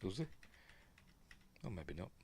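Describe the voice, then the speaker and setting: A man's voice: low voice, big pitch swings, unhurried, a little mellow, slightly rough, no echo. A man with a Yorkshire accent giving a casual film review, rambling and muttering asides to himself. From Yorkshire, England.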